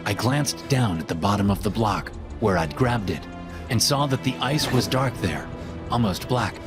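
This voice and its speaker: Brief: low-pitched male narrator, steady scripted horror storytelling, loud music bed. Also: normal speed. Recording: voice-over with loud music behind.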